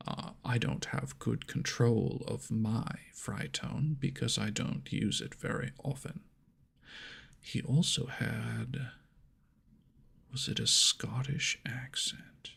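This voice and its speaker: A man hosting a whispered ASMR chat into an ears mic, soft and rambling, laughing at himself. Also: mid-range voice, fairly even intonation, slow pace, creaky, slightly rough. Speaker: ASMR channel host. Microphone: homemade binaural ears mic.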